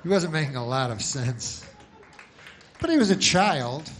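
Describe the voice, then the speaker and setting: A man doing rambling deadpan stand-up at a private event, halting with lots of filler words, on a handheld mic. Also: fairly high pitch, slight background noise. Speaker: stand-up comedian.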